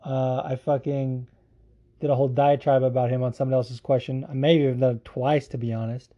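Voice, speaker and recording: A man's voice: medium pitch, level tone, fast, dull audio. A man hosting a casual solo podcast, answering listener questions in a rambling, profane way with frequent laughs and restarts.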